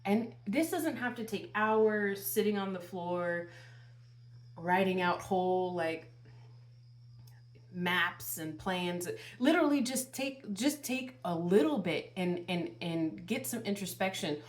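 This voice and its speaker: Speaking slowly in an expressive, mid-range voice, a woman tarot reader offers channeled spiritual guidance to her viewers. She's earnest, stacking up rhetorical questions and repeating phrases throughout the monologue.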